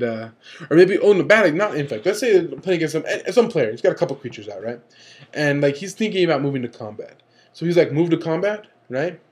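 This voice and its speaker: Rambling young man vlogging casually. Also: mid-range voice. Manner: rambling, animated, acts out quoted players. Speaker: vlog host. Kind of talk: casual talking-to-camera vlog.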